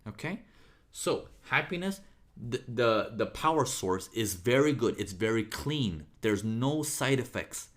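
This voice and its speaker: A man giving a motivational talk, energetic, with sudden jumps in volume and frequent "okay?" checks. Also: mid-range voice, unhurried. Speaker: motivational speaker.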